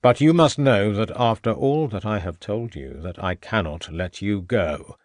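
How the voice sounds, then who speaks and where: A scheming Victorian gentleman murderer who sneers and gloats as he threatens the inspector, as a male narrator puts him on. His voice sits low and mocking, recorded close and dry. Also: lively intonation, measured pace, no echo. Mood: menacing.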